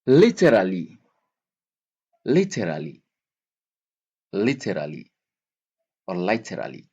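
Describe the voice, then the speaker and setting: A man teaching English vocabulary to learners, speaking slowly and repeating each word and example several times. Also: low-pitched, wildly swooping pitch, warm tone, husky, dull audio. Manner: slow, repeats words and examples.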